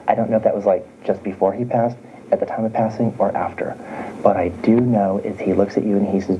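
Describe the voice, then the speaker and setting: Low-voiced man giving a spirit reading. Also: highs cut off, background noise. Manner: keeps checking in with "okay?"; halting, with many fillers and restarts. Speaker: psychic medium. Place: home room with small children nearby.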